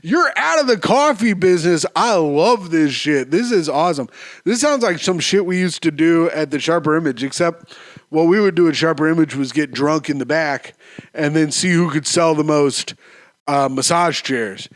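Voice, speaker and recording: A man in his thirties hosting a solo podcast, riffing on listener stories in an animated, profane way with sudden sing-song jumps, his voice going a bit hoarse. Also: on the high side, normal speed, no echo, clean studio sound. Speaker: podcast host.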